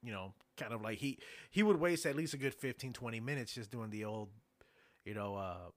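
A man's voice: mid-range voice, fairly quick, dry recording, studio quality. A man in a casual podcast chat, reacting in a laid-back way with swearing and musing about comedians. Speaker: podcast co-host.

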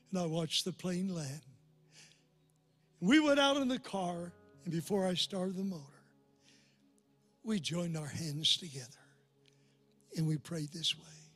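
An older male pastor with a high, husky voice preaches to a large congregation. He tells his story earnestly and swells to loud, passionate peaks, with soft music behind him. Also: lively intonation, a little slow, pauses often, no echo. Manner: impassioned preaching, building to loud climaxes. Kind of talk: sermon. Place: large church before a crowd.

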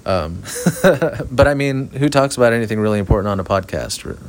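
A man hosting a casual solo podcast, ranting in a flat, monotone way, swearing often and rambling. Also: medium pitch, brisk, a little hiss or hum. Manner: profane, rambling, self-aware. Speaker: podcast host. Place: outdoors at night near an apartment complex. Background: sprinklers.

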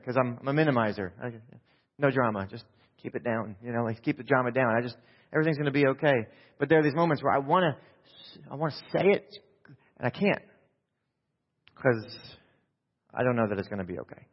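A middle-aged man gives a calm, understated sermon full of little fillers and restarts. His voice carries the long reverb of a big church hall. The recording has a slightly dull, lo-fi tone. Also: fast talker, pauses often. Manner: calm, low-key, self-deprecating delivery with many fillers. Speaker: preacher. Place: church sanctuary during a service. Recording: echoey hall, dull lo-fi sound.

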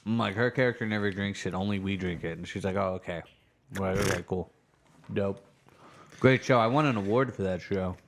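Low-voiced man with dry jokes. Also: fairly quick, background noise. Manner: dry, crude, self-mocking jokes. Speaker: podcast co-host. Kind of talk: casual chat.

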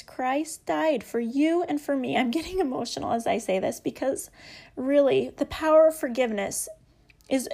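A woman's voice: a little high, darkish tone. A woman giving a heartfelt devotional talk, reading scripture and speaking earnestly about forgiveness. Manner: earnest, heartfelt, dwelling on key words.

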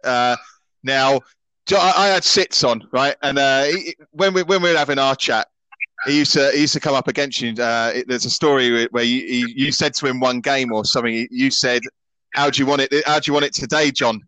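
A man's voice: mid-range voice, fairly quick, bright, forceful tone, no echo, rough recording. A man hosting a podcast who talks hesitantly, with lots of fillers, in casual interview chat. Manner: hesitant, filler-heavy, easy laugh. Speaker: podcast host.

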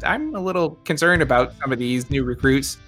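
Man playing a hesitant guard lieutenant, halting, mid pitch, faint music behind. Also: expressive, a bit bright, lightly acted. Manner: hesitant, filler-heavy speech.

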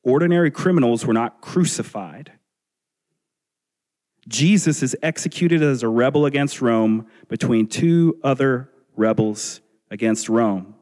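A man preaching a sermon as a pastor, earnest and measured, asking his listeners rhetorical questions. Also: mid-range voice, darkish tone. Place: church sanctuary. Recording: long reverb of a large hall.

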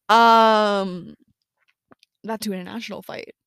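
A young woman with a medium-pitched, slightly bright voice records a personal audio journal at a moderate pace, in clean studio sound with no echo. She rambles casually, talks to herself, and uses lots of "like" and "um." She's a podcast host.

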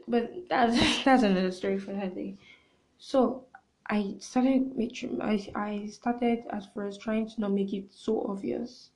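A young woman hosting a podcast, chatting through a casual story in an expressive way and sometimes dropping into hushed asides. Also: medium pitch, unhurried, rough recording. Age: young adult. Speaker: podcast host.

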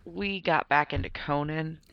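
A woman's voice: sits low, unhurried, gravelly. A woman co-hosting a casual podcast chat, rambling and laughing as she talks. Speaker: podcast co-host. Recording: dull lo-fi sound.

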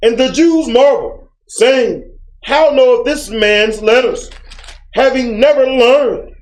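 A man reading Bible verses aloud phrase by phrase in a plain, steady way. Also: very high-pitched, takes it slowly, reverberant, poor audio. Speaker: scripture reader.

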